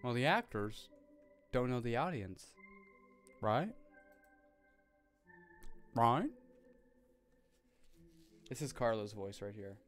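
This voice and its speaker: A man's voice: medium pitch, expressive, slow pace, long pauses, faint music behind. A man streaming indie games and joking along, now and then reading the characters' lines aloud. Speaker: game streamer. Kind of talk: live game commentary.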